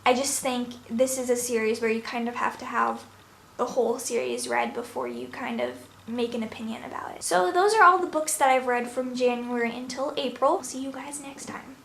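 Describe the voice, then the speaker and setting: A woman's voice: fairly high pitch, expressive, moderate pace, creaky, fairly bright tone. A young woman from New York chatting casually through a book review, rambling and correcting herself with little laughs. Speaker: book vlogger. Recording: echoey room, faint noise.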